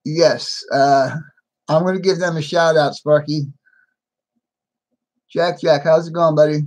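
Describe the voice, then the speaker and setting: A middle-aged American man runs a casual live stream, welcoming viewers one by one. His voice sits a bit high for a man, and he chuckles often between greetings. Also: fairly even intonation, measured pace, a little mellow, low-quality recording. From United States. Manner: chatty, laughs often, greets each viewer by name.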